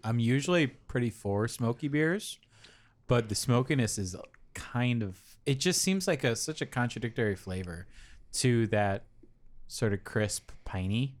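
A man's voice: medium pitch, lively intonation, unhurried. A man co-hosting a beer tasting podcast, talking casually and rambling, laughing a lot. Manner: rambling, laughs a lot, does silly voices. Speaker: podcast co-host. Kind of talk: casual chat tasting beers.

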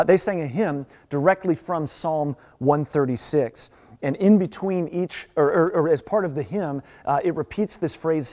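A man's voice: mid-range voice, dark tone. Earnest male pastor in a reverberant hall. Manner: earnest, emphatic with restarts. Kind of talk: sermon. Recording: long reverb.

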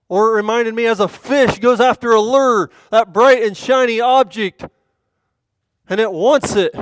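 A woman giving an earnest sermon and reading scripture aloud, swelling loud and emphatic on key points. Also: a little high, unhurried, no room sound. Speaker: women's speaker at a church service.

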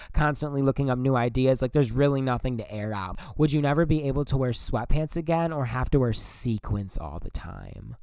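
A young man hosts his own podcast in a loose, rambling monologue, blunt and full of swearing and "like". His voice is smooth and resonant. It is recorded close and completely dry. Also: medium pitch, darkish tone, dry recording. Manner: blunt, profane and rambling, with many "like" fillers. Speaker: podcast host. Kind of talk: casual solo podcast monologue.

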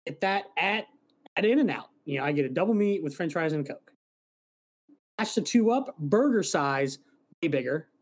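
A man's voice: on the high side, lively intonation, moderate pace, pauses often. Man, podcast co-host, casual rambling chat, easygoing, cusses a bit. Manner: laid-back, rambling, swears casually.

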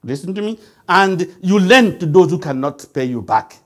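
A man's voice: high voice, lively intonation, moderate pace, a bit bright. A man preaching a sermon, emphatic and quizzing the congregation with call-and-response questions.

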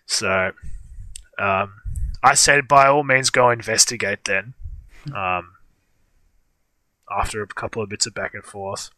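A young man co-hosts a livestream, telling a long, meandering story in casual chat with plenty of fillers. His voice has a bright edge, and the recording is dry and close. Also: on the low side, fairly even intonation, unhurried, pauses often, dry recording. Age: young adult. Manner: rambling storytelling with frequent fillers. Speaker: livestream co-host.

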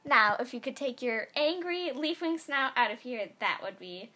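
Snooty cafe dragon, high and sharp-edged, dismissive, as a woman reading a fan story puts her on. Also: animated, normal speed, full character voice. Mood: snippy. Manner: dismissive, snippy.

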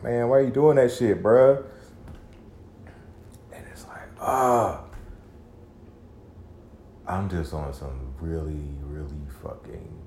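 A man's voice: low voice, darkish tone. A man hosting a solo confessional podcast at home, rambling and introspective, cursing freely and trailing off with sighs. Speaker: podcast host. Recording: roomy echo, faint background hum.

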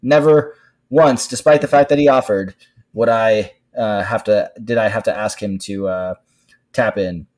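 A man co-hosting a podcast, chatting casually and telling stories in an animated way, breaking into laughs. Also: on the low side, measured pace. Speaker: podcast co-host. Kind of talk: casual chat.

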